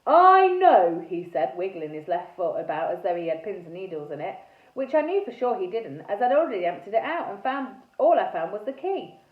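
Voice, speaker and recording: A woman teacher with an English accent, reading a children's story aloud with expressive narration, heard in a tinny, echoey recording. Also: mid-range voice, a little fast, distant mic. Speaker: primary school teacher. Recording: tinny phone-like sound in echoey room.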